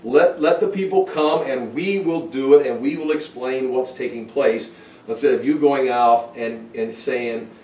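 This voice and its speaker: A man's voice: medium pitch, measured pace, dark tone. A man teaching a Bible study who thinks aloud with restarts and asides. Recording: roomy, from far off the mic.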